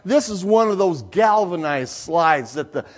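A male pastor preaching a sermon, telling a folksy family story with lively sound effects before drawing a lesson. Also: high-pitched, measured pace.

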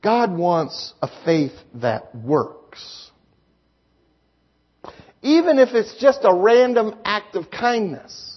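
A man's voice: high voice, very animated, slow pace, breathy edge. A man preaching a sermon, telling folksy personal stories with emphatic rises in his voice. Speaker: pastor. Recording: slightly dull lo-fi sound.

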